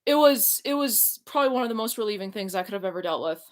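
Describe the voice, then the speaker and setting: A woman's voice: mid-range voice, animated, quick pace. A young woman talking casually as a YouTuber, rambling with many fillers and restarts into a computer mic. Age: young adult. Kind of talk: casual chat.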